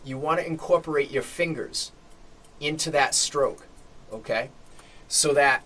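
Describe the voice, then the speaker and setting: A man explains a drum technique in a bright, forceful voice, walking through each step and pausing to check in with "okay?". A faint hiss of room noise sits under his voice. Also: mid-range voice. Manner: relaxed explaining, frequent "okay?" check-ins. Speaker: drum teacher. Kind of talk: instructional drum lesson.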